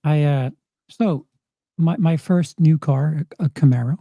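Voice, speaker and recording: Mellow-voiced halting storyteller. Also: male voice, a little high, no echo. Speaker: panel guest. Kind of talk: casual livestream chat.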